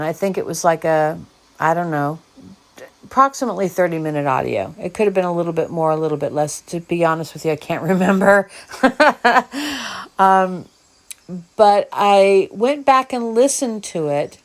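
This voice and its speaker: A woman hosting her own video diary podcast, musing aloud in a meandering, reflective way. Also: fairly low pitch. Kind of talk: personal diary monologue.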